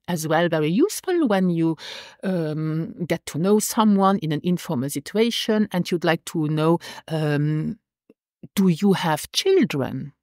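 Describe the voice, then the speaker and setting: A woman teaching a language lesson, saying each phrase slowly and repeating it twice. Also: on the low side, darkish tone, dry recording, studio quality. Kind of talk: slow, clear language lesson.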